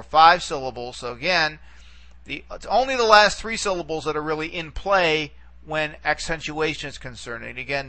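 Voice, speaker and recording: A man with a fairly high, pushed, bright voice teaches a recorded lesson. He's patient, explaining step by step and checking in often with "okay" and "all right."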